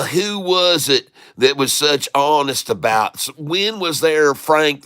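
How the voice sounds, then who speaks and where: A folksy, drawling rural Southern man, put on by a man with a thick Southern accent spins tall talk in a bright, forceful voice. The tone is crisp and smooth, recorded dry and close. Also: mid-range voice, no echo.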